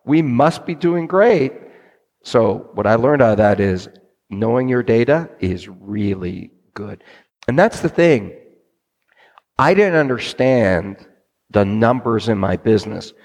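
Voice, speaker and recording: At a stage event, a business owner being interviewed tells a story in a low, gravelly, unhurried voice with a long reverb tail. He's animated, acting out the voices of the people he quotes.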